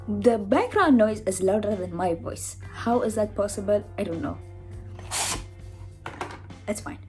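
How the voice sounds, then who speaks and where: A young woman in her twenties chats through a makeup haul at home, laughing at herself and slightly out of breath. Her voice is mellow and soft-edged, with faint music and household noise behind her. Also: on the high side. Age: 20s. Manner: chatty, giggly, self-mocking. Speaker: beauty vlogger. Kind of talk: casual makeup haul chat. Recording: home vlog with background noise.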